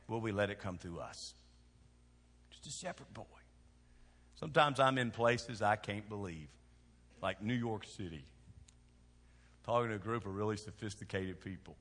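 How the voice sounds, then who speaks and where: A Southern-accented pastor from Kentucky preaches a sermon that swings between hushed lows and shouted exhortation, with a long hall reverb on the recording.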